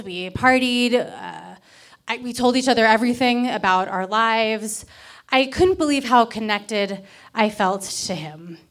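Woman in her thirties from Miami, live storytelling; wry, candid, deadpan delivery. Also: mid-range voice. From Miami, Florida. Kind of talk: personal story told to a live audience.

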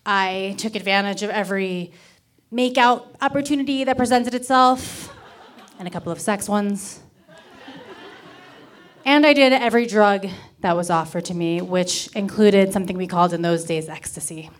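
A woman from Miami in her thirties telling a candid personal story to a live audience, with wry, deadpan comic timing. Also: medium pitch, moderate pace. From Miami, Florida.

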